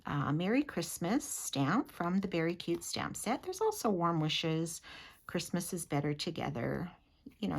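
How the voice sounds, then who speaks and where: A husky woman with a gravelly edge talks through a craft tutorial in a chatty, giggly way. Her voice sits low but moves around a lot, and she drops to a whisper as she works. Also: a little mellow. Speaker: papercraft demonstrator.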